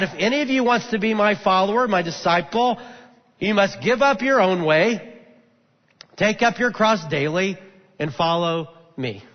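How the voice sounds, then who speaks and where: A middle-aged man, a senior pastor, telling a story in a sermon in a conversational way and acting out the voices he quotes. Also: high voice. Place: church auditorium. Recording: muffled recording in a large echoing hall.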